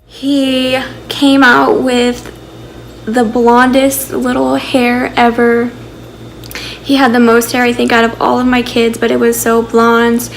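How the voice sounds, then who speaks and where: A woman's voice: on the high side, gravelly. Chatty young mom telling her story. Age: 20s. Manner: chatty, candid, rambling with fillers. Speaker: vlogger and mother. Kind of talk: casual storytelling to camera.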